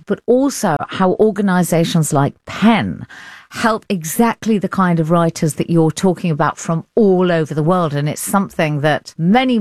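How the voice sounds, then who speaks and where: An English woman presents a radio arts program with a lively, conversational delivery. Her voice sits a little low but swoops through a wide range. The studio sound is dry and close. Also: dry recording. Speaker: radio arts show host.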